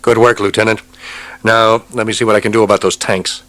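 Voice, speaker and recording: A man's voice: fairly low pitch, level tone, a little fast, fairly bright tone, no echo, pitched above the performer's own voice, close to an everyday voice. A male narrator voicing a tense Soviet army captain under fire, giving clipped urgent orders. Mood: commanding.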